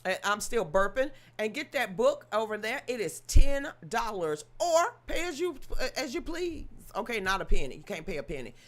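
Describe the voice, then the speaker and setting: A woman's voice: a little high, sing-song, moderate pace, few pauses. A woman hosting a livestream, chatting casually and joking with her viewers, with laughing asides. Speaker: livestream host.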